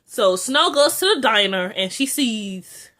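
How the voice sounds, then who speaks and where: A young woman recapping a TV episode in a casual vlog, chatty and excitable, full of fillers and asides. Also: measured pace. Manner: chatty and excitable, frequent "like" and filler, jumps high when excited. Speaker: TV episode reviewer.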